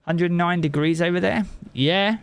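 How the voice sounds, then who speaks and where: A man's voice: high-pitched, measured pace, smooth. A man from England with a Southern English accent, a game streamer chatting casually with his live chat and swearing freely.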